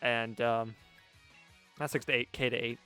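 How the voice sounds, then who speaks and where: A man's voice: mid-range voice, little pitch movement, measured pace, pushed and bright, clear, resonant tone, faint music behind. A man co-hosting a game let's play, rambling through stories in casual, sweary chat. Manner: rambling storyteller who swears a lot.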